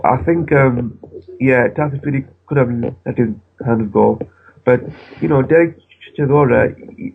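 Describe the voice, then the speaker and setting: A man calling in by phone from home, chatting casually about boxing with halting, stammering restarts. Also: medium pitch, gravelly. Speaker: phone-in caller. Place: at home with the television on. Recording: tinny phone line with faint noise.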